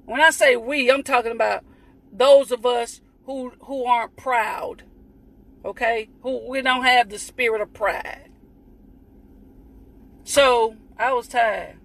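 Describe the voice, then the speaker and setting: Woman, high bright voice, teasing livestream host who slips into hymn snippets, faint music behind. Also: steady tone, slow, long pauses, low-quality recording. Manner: playful, teasing, breaks into song snippets. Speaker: livestream host greeting church viewers. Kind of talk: casual chat.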